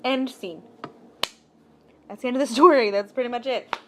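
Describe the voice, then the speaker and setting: A woman vlogger telling a childhood story in casual, animated and jokey storytime narration. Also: fairly high pitch, normal speed, a little hiss or hum.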